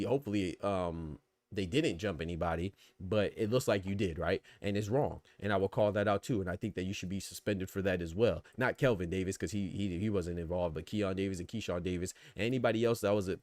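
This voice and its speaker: A man with a low voice talks quickly as a boxing podcast host, with energy and a string of rhetorical questions. The sound is dry and close, with no room echo. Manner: animated, rhetorical questions, reads chat comments. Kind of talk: casual live-stream commentary.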